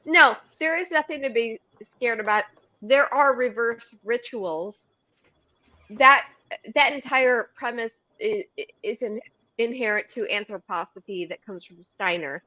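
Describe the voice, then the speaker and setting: A woman with a higher, bright, forward voice, hiccuping her way through a casual panel discussion. She laughs between thoughts and keeps restarting her sentences. The sound is dry and close, with no room around her. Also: unhurried, no room sound, dull audio.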